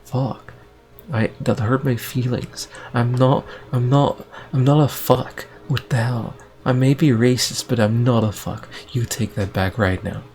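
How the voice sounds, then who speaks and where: A rattled, flustered storyteller, voiced by a man in an improvised spoken story. He talks quickly and casually, in an everyday voice near the man's own. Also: mid-range voice, steady tone, a little mellow, soft background music, lightly acted.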